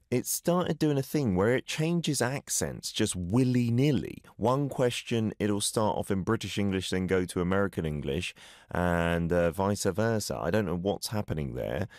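A man's voice: lowish voice, no echo, clean studio sound. A man hosting a radio show, chatting casually with a self-deprecating, easygoing manner. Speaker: radio host.

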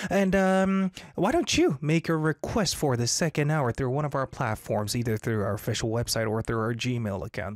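A man hosting a radio show as DJ, chatting casually in a playful, excitable way and laughing often. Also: high-pitched, no room sound, studio quality. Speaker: radio DJ host.

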